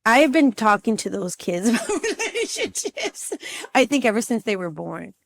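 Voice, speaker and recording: A woman in her fifties, a relationship coach talking as a podcast guest, telling a personal story in a lively, chatty way and calling the listener "girlfriend". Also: on the high side, normal speed, vocal fry, dry recording. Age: 50s. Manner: lively storyteller who acts out scenes and calls the listener "girlfriend". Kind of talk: casual interview storytelling.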